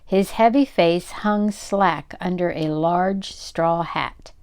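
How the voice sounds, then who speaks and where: An older woman reading a children's novel aloud in an unhurried, gently expressive way. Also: lowish voice, clear, resonant tone. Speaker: read-aloud storyteller.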